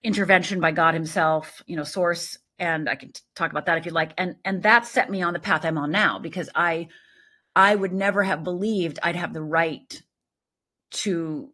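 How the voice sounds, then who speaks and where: Sixties woman guest, slightly husky, lively storyteller who keeps checking in with the listener. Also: fairly low pitch, moderate pace. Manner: animated, tags thoughts with "right?". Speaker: guest life coach. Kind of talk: conversational interview storytelling.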